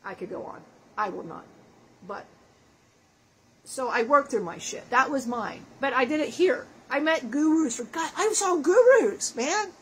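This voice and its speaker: A woman's voice: high-pitched, animated, measured pace, fairly bright tone, a little hiss or hum, low-quality recording. A woman channeling the spirit of a dead man in a session, talking in a profane, self-mocking way and laughing often. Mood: brash joking.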